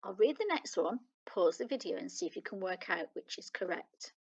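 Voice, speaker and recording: A woman with a British accent teaches young children in a recorded lesson. She reads each example slowly and patiently. Her mid-pitched voice carries a gravelly edge. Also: expressive, poor audio. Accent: British English. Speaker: primary school teacher.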